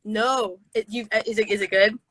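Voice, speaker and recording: A woman hosts a casual livestream from her phone, giggling and scattered as she reads fan questions aloud. Her voice is bright and sits close and dry on the mic. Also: mid-range voice, fairly even intonation, moderate pace, dry recording, poor audio. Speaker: livestream host. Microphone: phone video stream.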